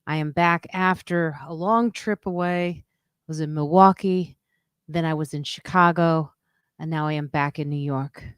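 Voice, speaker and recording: A woman comedian and podcast host runs her own live stream, chatting casually, greeting viewers, and reading their comments aloud. She says she's using a weird low radio voice, which comes across steady, unhurried, and smooth in a studio-quality recording with no echo.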